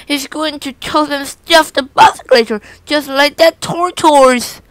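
A woman's voice: sits high, measured pace, background noise, voice pushed up. A woman reading the part of an anxious, imaginative young schoolgirl in a storybook.

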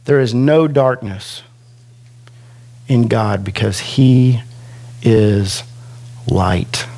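Slow-paced man preaching a sermon. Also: medium pitch, creaky, dark tone. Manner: slow, conversational preaching with self-deprecating asides; drags out quoted scripture for emphasis. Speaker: pastor. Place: church classroom.

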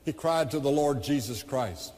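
A man's voice: medium pitch, expressive, normal speed, a little mellow. A man with a Southern American accent preaching a crusade sermon, telling a Bible story earnestly and rising into fervent pleas. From United States. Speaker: evangelist preacher. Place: large arena with long reverb. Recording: long echo of a large hall.

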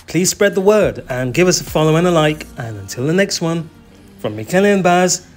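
A man's voice: a little high, expressive, fairly quick. Playful male travel narrator. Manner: playful, leans on comic details. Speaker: host. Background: faint background music.

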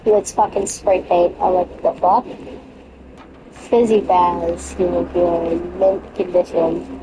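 Slow-talking swearing woman gamer. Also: fairly low pitch, flat delivery, background noise. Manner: profane, joking, talks to herself. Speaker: gamer streaming a horror game. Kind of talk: casual let's-play commentary.

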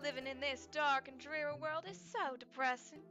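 A woman's voice: sits high, steady tone, normal speed, muffled recording, music in the background, lightly acted. A woman voicing a tiny, prissy female time-travel fairy in a put-on Southern drawl, fussy and easily offended. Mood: prim. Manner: prim, fussy, giggly.

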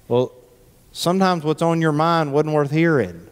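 A man's voice: a little high, lively intonation, normal speed, clear, resonant tone. A man preaching a sermon as a pastor, in a conversational, joking way, often repeating words as he restarts, in a church. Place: church sanctuary. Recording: echoey church hall.

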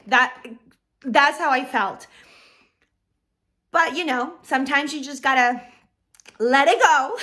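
A woman's voice: sits high, pushed and bright. A young woman who runs a balloon decorating business, telling a casual storytime straight to her viewers in a chatty way.

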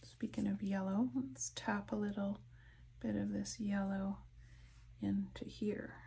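A soft-spoken woman narrating a painting tutorial, her voice dropping to whispers as she concentrates. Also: medium pitch, flat delivery, slow, gravelly, husky. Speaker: art instructor.

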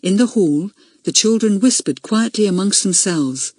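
Audiobook narrator, woman: lively, slightly breathy, close and dry. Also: mid-range voice, moderate pace, no echo. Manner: expressive storytelling. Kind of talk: scripted narration.

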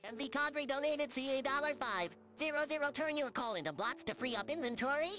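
A synthetic woman's voice reads viewer donations aloud on a livestream. The delivery is flat and machine-like, the same even tone for every message. Faint music plays underneath. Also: high voice, fairly quick. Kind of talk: text-to-speech reading of donation messages.

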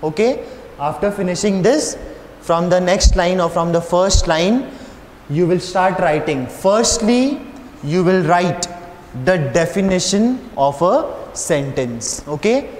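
Slow, patient teacher. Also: male voice, high-pitched, lively intonation, darkish tone. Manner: slow, patient explaining with checks for understanding. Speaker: schoolteacher. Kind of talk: classroom lesson. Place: classroom with a board. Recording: roomy echo with long reverb, faint hiss.

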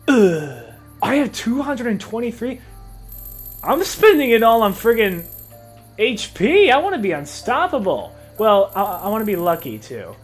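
A man hosting a let's-play video, excitable and profane, often laughing and shouting at the game. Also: high voice, moderate pace, breathy edge, faint music behind. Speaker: gaming video host.

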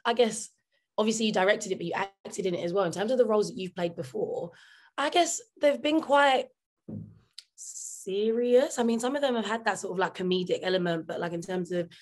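A woman interviewer with a hoarse, fading voice, asking long rambling questions over a video call with a giggly manner. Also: medium pitch, fairly quick. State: hoarse, losing her voice.

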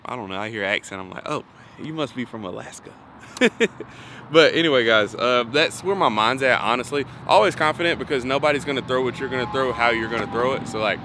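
A young man, talking casually to camera as a fishing vlogger, rambling and thinking aloud with lots of fillers. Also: medium pitch. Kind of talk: casual vlog talk to camera. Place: outdoors on a lake. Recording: noisy outdoor recording with passing vehicles.

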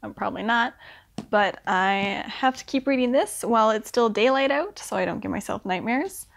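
A woman's voice: on the high side, vocal fry. Chatty young woman rambling about books. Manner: chatty, full of "like", acts out characters in quick asides. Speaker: book vlogger. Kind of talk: casual rambling book review. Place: indoors at home.

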